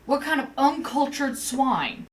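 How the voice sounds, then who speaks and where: A woman co-hosting a podcast, telling a work story in casual chat, swearing freely and jumping up in pitch when she quotes herself. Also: lively intonation, unhurried, far from the mic, poor audio. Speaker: podcast co-host.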